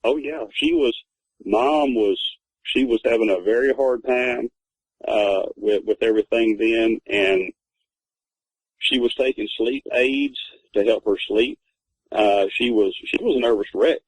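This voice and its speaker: A man's voice: medium pitch, a little slow, breathy edge, dry recording, rough recording. A man, rambling through a personal story as a guest, with many fillers and restarts. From Texas. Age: 50s. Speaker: guest telling his encounter story. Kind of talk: casual spoken storytelling.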